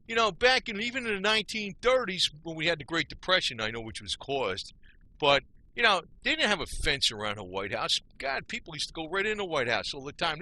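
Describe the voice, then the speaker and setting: A man's voice: a little high, sharp tone. A man ranting on his own video channel, blunt and angry, repeating himself with casual slang. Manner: casual slang, frequent "man" and "you know". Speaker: YouTube video maker. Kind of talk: ranting monologue.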